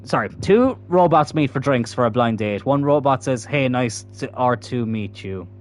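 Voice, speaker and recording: His medium-pitched voice has lively intonation and a moderate pace as he talks through a football video game. The gaming YouTuber is casual and chatty, swearing freely and laughing loudly in bursts.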